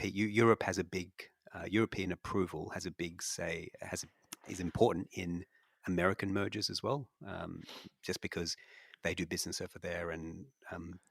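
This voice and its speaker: A man's voice: deep voice, creaky, fairly bright tone, husky, dry recording, studio quality. A man with an Australian accent talking through stock analysis on a podcast, rambling with lots of restarts and fillers. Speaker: investment analyst co-host. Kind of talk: casual podcast discussion.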